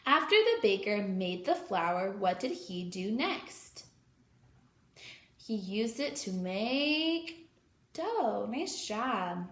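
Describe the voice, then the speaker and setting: Slow, patient woman teaching in an echoey room. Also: mid-range voice, sing-song, fairly bright tone. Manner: slow, clearly sounding out letters and words. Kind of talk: online lesson for young children.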